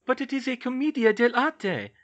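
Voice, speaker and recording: An amused young woman voiced by a man speaks lightly and brightly, her pitch raised well above the reader's own. She sounds cheerful and playful in a storybook reading. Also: animated, moderate pace, highs cut off.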